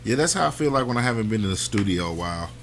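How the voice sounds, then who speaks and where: A man's voice: fairly low pitch, expressive, very fast. A man from Kansas hosting a radio talk show, chatting casually in a laid-back way. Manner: laid-back, lots of "you know what I mean" and "man". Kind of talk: casual interview chat.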